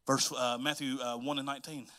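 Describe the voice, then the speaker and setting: A man preaching a sermon in an energetic, folksy way, often repeating himself and laughing. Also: medium pitch, a little fast. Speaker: pastor.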